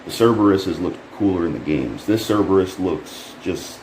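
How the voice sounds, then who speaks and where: Deep-voiced man ranting in an echoey room. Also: lively intonation, moderate pace, darkish tone. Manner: frustrated, rambling, swears a lot, bursts up in pitch when incredulous. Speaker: YouTuber reviewing a trailer. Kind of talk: casual profane commentary. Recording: echoey room with faint air conditioning hum.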